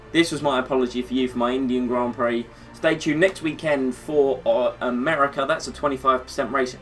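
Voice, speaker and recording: A man's voice: mid-range voice, distant mic. A man recapping a racing video game career race he just played, rambling and thinking aloud with fillers, tired after a long session. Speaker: gaming channel host.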